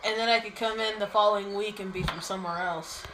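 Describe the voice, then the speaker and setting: A woman's voice: mid-range voice, steady tone, fast, background noise. A woman with a Midwestern accent joking and giggling in casual comedy chat. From Wichita, Kansas. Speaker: vlogger.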